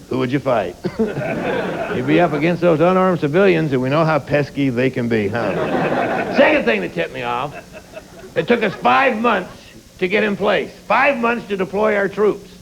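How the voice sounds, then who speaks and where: Gravelly, animated middle-aged comedian. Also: male voice, a little high. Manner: punchy, sarcastic delivery with quick asides. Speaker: stand-up comedian and guest. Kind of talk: stand-up monologue and talk-show banter. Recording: TV studio taping with audience laughter and hiss.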